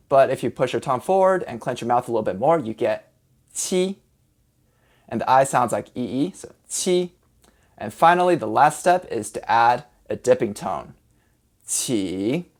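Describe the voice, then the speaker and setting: A language teacher giving a casual, friendly pronunciation lesson, slowly sounding out syllables step by step. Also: mid-range voice. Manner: casual and friendly, with fillers like "kind of" and "like".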